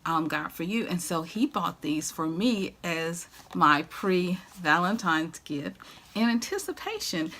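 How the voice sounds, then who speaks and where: A woman's voice: fairly low pitch, big pitch swings, slow, a bit bright. A middle-aged woman, chatting to camera in a home decor vlog, gushing and laughing often. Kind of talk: casual chat to camera.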